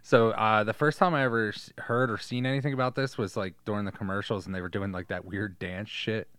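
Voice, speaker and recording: A man's voice: on the low side, fairly even intonation, fairly bright tone, clear, resonant tone, dry recording. A man co-hosting a podcast, recapping a movie in a laid-back way and laughing often. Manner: laid-back, laughs often, acts out characters in quick voices. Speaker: podcast co-host. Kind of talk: casual chat about a movie.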